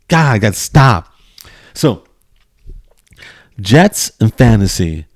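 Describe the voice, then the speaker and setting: A man ranting casually to his camera, excitable and exasperated, with frequent restarts and bursts of swearing. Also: mid-range voice, slow pace, long pauses, no echo, clean studio sound. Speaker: vlogger.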